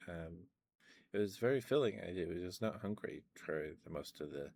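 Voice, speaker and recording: Worn-out deep-voiced man chatting ASMR. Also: moderate pace, vocal fry, a little hiss or hum. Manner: soft, relaxed, rambling talk. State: losing his voice, worn out. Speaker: ASMR streamer. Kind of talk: low-energy ASMR chat. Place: at home, indoors. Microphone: ASMR microphone with cover.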